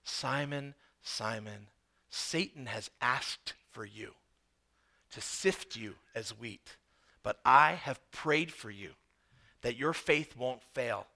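A calm, solemn Jesus speaks in a hushed, low voice, as a male preacher acts him out. The words come slowly and gently. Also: vocal fry, exaggerated voice.

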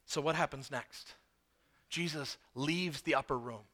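A man preaching a sermon, telling a story with animated emphasis and many rhetorical questions. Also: on the high side, a little slow.

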